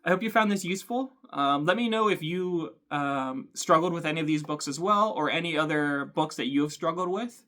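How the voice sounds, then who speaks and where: A man hosting a book channel, talking thoughtfully to camera with frequent ums and pauses. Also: on the high side, sharp tone. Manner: thoughtful, hesitant, many ums. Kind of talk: casual talk to camera.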